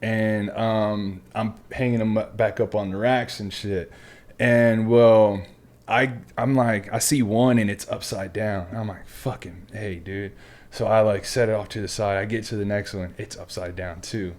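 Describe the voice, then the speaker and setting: A man's voice: lowish voice, unhurried. A young adult man hosting a casual chat, telling a profane bootcamp story and acting out the voices in it. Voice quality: profane, animated storyteller who acts out quotes. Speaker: podcast host.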